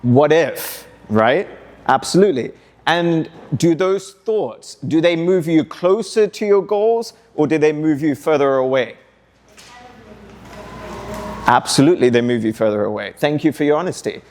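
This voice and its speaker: Energetic man leading call-and-response. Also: a little high, normal speed. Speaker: motivational speaker. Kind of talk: interactive talk to students. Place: school hall.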